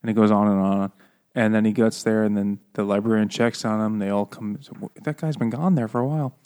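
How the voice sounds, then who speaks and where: A man's voice: fairly low pitch, fairly even intonation, fairly quick, warm tone, clear, resonant tone. A man chatting casually in a book club, joking, swearing and laughing often. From raised Catholic. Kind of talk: casual chat.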